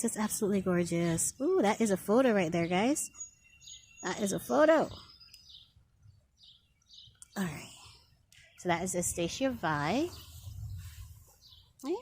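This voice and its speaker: Excitable woman vlogging outdoors. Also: mid-range voice, a little hiss or hum. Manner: excitable, gushing, talks straight to viewers. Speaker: garden vlogger. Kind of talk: casual garden walkthrough vlog. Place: outdoor garden.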